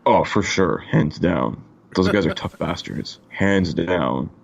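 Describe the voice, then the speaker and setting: A man's voice: sits low, slow, gravelly. A man from Canada co-hosting a podcast, chatting in a laid-back, profane way full of fillers. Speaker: podcast co-host. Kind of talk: casual chat.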